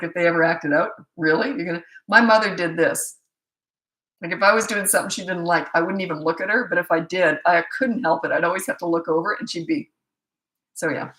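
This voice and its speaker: This is a middle-aged woman in a low-pitched voice, answering parents' questions in an easy, conversational way. She tells little anecdotes and slips into quick impressions of the people in them. The sound is roomy and echoey. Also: fairly bright tone. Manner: chatty storyteller who acts out quoted remarks. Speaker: parenting coach and show host. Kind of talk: casual live Q&A chat. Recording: roomy echo.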